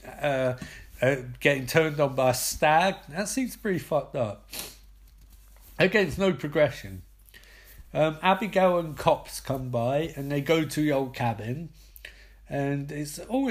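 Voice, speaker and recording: A man giving a sweary comedic recap, mocking the scenes and swinging between high squeaks and low growls.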